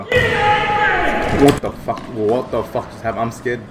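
Excitable young man, noisy background. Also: medium pitch, takes it slowly. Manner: excitable, swears a lot, bursts of shouting. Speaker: vlogger reacting to basketball footage. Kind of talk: casual reaction commentary.

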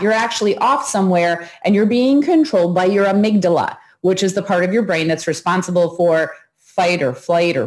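A woman host talking viewers through a breathing exercise in a calm, instructive way, pausing as she guides each breath. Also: medium pitch. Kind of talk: coaching talk to viewers.

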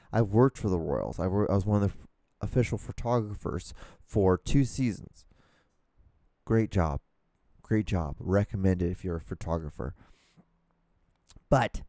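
Male solo podcast host, mellow voice, dry close mic, swears a lot while ranting. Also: on the low side, dry recording. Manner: profane, exasperated ranting. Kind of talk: casual solo rambling rant. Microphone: studio microphone, talking to camera.

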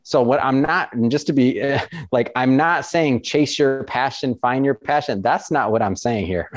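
A man, a podcast host and author talking as an interview guest, telling stories in a casual, animated way with many fillers and restarts. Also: medium pitch, a little slow, dry recording. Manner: animated storyteller, many fillers and restarts, acts out quoted excitement. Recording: dry, dull lo-fi sound.

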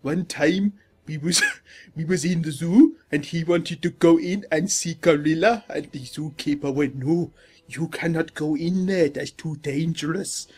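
A man's voice: fairly high pitch, a little slow, a little mellow, close to an everyday voice. A man putting on a boastful fake French gamer with a mock French accent and broken English, taunting players and telling tall tales over voice chat. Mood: boastful storytelling. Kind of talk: prank gaming voice chat.

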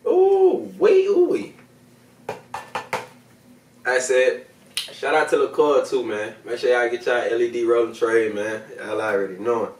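A man's voice: mid-range voice, fairly even intonation, moderate pace, far from the mic, a little hiss or hum. Profane rambling man in an echoey room. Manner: rambling, profane, talks straight to viewers. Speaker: video host reviewing smoking products. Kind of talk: casual slang-heavy vlog chat.

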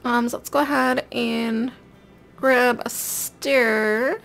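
A woman's voice: on the high side, fairly even intonation, slow, gravelly, a bit bright, soft background music. A woman giving casual let's-play commentary, chatting away and talking straight to the characters on screen. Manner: chatty, talks directly to the game characters. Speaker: gameplay video creator.

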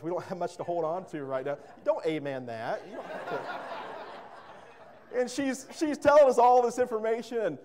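A man's voice: sits high, darkish tone, slight background noise. A man preaching a sermon as pastor, fervent and emphatic, repeating words and breaking into storytelling asides.

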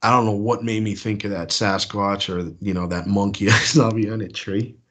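A man from the US East Coast with a husky voice rambles through his stories as a caller, full of fillers and restarts. His voice sits on the low side. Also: little pitch movement, moderate pace, fairly bright tone. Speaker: caller sharing encounters. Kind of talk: casual storytelling on a call-in show.

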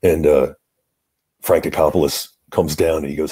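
Low husky middle-aged man telling stories. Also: moderate pace, dry recording. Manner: lively anecdotal storyteller, laughs between lines. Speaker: actor guest. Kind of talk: casual storytelling interview.

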